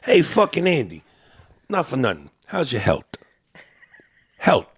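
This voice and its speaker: A man's voice: mid-range voice, huge pitch swings, moderate pace, slightly rough, dry recording, clean studio sound, exaggerated voice. A man voicing a crude, blunt old-school Italian-American man with a New York Italian-American accent, profane and brash. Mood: chummy. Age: older.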